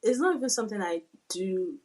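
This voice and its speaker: A woman's voice: medium pitch, lively intonation, a little fast, darkish tone. A young adult woman co-hosting a podcast, talking in a casual, reflective way and often trailing off mid-thought. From Nigeria. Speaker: podcast co-host. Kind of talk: casual chat.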